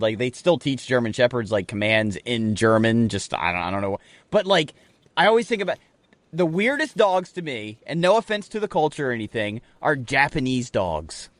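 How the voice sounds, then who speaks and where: A man co-hosting a podcast, rambling through animated, profane stories in casual banter. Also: medium pitch, brisk, dry recording. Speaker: podcast co-host.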